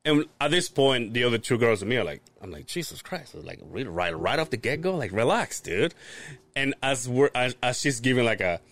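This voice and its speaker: A man's voice: mid-range voice, fairly quick. A man co-hosting a podcast, telling stories in a loose, swearing, laugh-filled way. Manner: animated, swearing, laughs through his stories. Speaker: podcast co-host. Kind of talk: casual storytelling chat.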